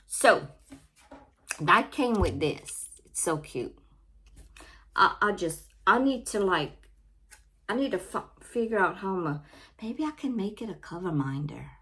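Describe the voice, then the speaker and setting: A woman's voice: mid-range voice, expressive, measured pace, pauses often, fairly bright tone, a little hiss or hum. A woman hosting a casual unboxing vlog, heartfelt and close to tears, repeating her thanks over and over. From Louisiana. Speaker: crafting channel host.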